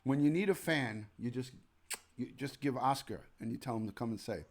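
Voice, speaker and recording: A man's voice: medium pitch, brisk. A man in his forties with a New York accent, a retired detective hosting a rambling late-night live stream from home, chatting and greeting viewers by name. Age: 40s. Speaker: livestream host, retired detective. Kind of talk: casual live-stream chat.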